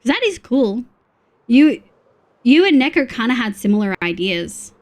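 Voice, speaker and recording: A woman's voice: fairly high pitch, big pitch swings, moderate pace, darkish tone. A woman from Australia streaming a game, counting items under her breath between chatty asides to her viewers. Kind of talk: casual gameplay chat with chat readers.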